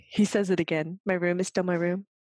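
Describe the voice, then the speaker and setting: A woman's voice: on the low side, steady tone, normal speed, dry recording. A woman working as a medium on a talk show, chatting casually, laughing often and passing on what a spirit tells her. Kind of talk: casual chat.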